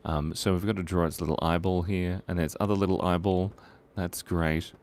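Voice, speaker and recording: A man's voice: low-pitched, steady tone, normal speed, darkish tone. A middle-aged man hosting a casual live drawing stream, chatty and playful as he reads out viewer suggestions.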